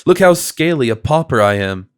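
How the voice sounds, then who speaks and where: A man doing a squeaky, coughing old miser. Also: very animated, moderate pace, smooth, natural voice. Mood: sarcastic. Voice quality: squeaky, cracked and feeble. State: racked by a violent cough. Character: coughing, wheezing old male miser, suspicious and feeble.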